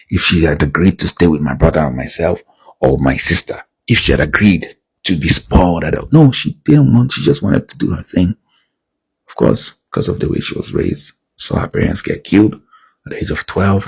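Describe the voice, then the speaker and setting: Blunt deep-voiced man, gravelly. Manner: blunt and emphatic, rising to raised insistence. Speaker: video monologue host. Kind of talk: candid personal monologue.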